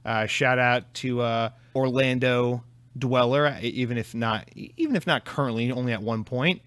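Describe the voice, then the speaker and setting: A man's voice: medium pitch, normal speed, fairly bright tone, clean tone, dry recording. A man in his twenties hosting a casual solo podcast, rambling, profane and self-deprecating into a podcast microphone. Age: 20s. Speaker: podcast host.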